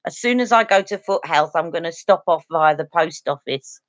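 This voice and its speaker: A woman's voice: low-pitched, lively intonation, normal speed, dry recording. A woman hosting a beauty live stream, chatting earnestly and directly to her viewers. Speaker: beauty channel host. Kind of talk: casual live-stream chat.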